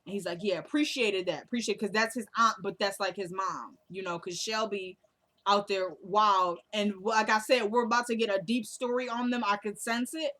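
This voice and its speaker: A woman's voice: mid-range voice, fairly even intonation, normal speed, pushed and bright. A young woman casually retelling a TV episode, acting out the characters' lines in a chatty way. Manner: chatty retelling with quoted dialogue. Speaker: recap host.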